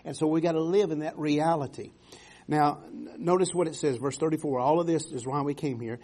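A man preaching a sermon with fervor, swinging from loud exhortations to soft, quiet passages. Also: fairly high pitch, fairly even intonation, fairly quick. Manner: fervent, rising to loud exhortations, dropping to soft tones.

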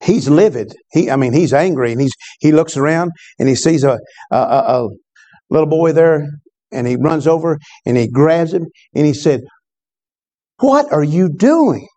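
A preacher with a fairly high, mellow voice at normal speed tells a story during his sermon. He keeps it conversational and calls out to the congregation in call-and-response asides.

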